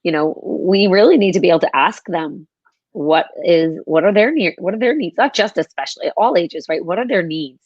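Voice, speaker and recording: Low-voiced woman host on a dull line. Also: lively intonation, moderate pace, husky, no echo. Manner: warmly affirming, rambling with restarts. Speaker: podcast host. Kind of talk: conversational interview.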